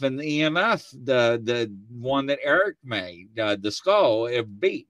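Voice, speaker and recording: A man hosting a casual chat show from his studio, telling stories with lively acted-out quotes. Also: medium pitch, normal speed, few pauses, no room sound. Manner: animated storyteller, acts out quotes. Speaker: host. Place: home studio.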